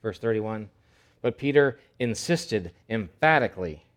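A male pastor preaching a sermon in an animated, conversational way, with emphatic repetition. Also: on the low side, unhurried.

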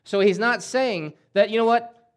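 A man's voice: high voice, unhurried. A man preaching a sermon in an emphatic way, often repeating words and acting out quoted voices. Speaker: pastor.

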